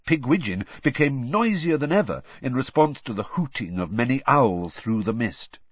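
A man reading a storybook aloud as an audiobook narrator, with expressive scripted narration. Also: medium pitch, moderate pace, slightly rough, no echo, highs cut off.

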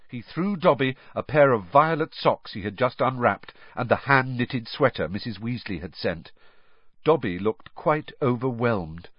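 A man narrating a storybook with expressive storytelling. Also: medium pitch, measured pace, slightly rough, dry recording. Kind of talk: audiobook reading with character voices. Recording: dull dry lo-fi.

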